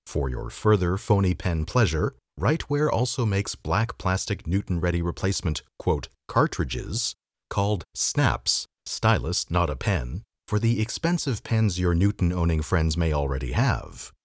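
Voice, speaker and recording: A man's voice: low-pitched, sing-song, unhurried, dry recording. A man hosting a podcast, reading an old magazine article aloud with a dry, wry delivery. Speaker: podcast host.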